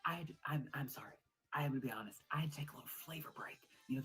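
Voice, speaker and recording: Breathy woman, wildly animated comic rave. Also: very deep voice, rough recording. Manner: over-the-top excited, swinging between hushed whispers and loud exclamations. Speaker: performer. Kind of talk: comedic monologue. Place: at home.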